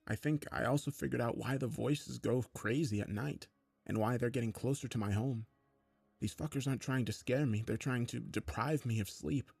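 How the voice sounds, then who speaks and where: A man narrating a first-person horror story in a steady, low-key way. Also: moderate pace, vocal fry, husky, dry recording.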